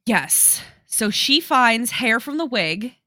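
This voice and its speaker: A woman's voice: on the high side, big pitch swings, slow, bright, forceful tone, no room sound, clean studio sound. A woman co-hosting a podcast in casual chat, laughing often and swearing. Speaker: podcast co-host.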